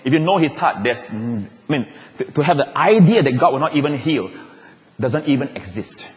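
A pastor, preaching a lively sermon with jokes and playful asides. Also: male voice, mid-range voice, normal speed. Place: large church auditorium. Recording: long reverb of a large hall.

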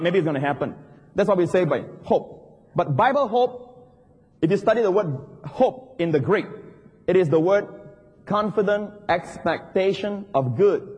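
Male pastor, fairly high voice, husky edge, lively sermon delivery, long hall reverb. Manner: animated preaching, rising to emphatic highs.

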